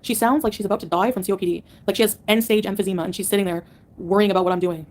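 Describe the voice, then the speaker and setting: Woman livestreamer, rapid combative rants, sarcastic, mid-pitched. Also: steady tone, a little mellow. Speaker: livestreamer answering chat. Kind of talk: live-stream rant to chat.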